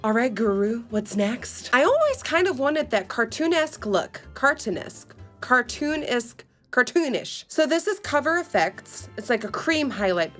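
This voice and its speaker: Bubbly high-voiced woman vlogging makeup. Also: moderate pace, hardly any pauses, faint music behind. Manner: animated, exclaiming, reading steps aloud with running commentary. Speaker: beauty video host. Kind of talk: casual makeup challenge chat.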